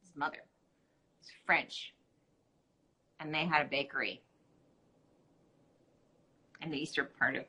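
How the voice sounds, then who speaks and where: A woman's voice: low voice, fairly even intonation, measured pace, pauses often, sharp tone, poor audio. A tired woman in her thirties, chatting casually on a live stream while she shows how she kneads bread dough. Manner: chatty, explains steps while working with her hands. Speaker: co-host showing bread baking.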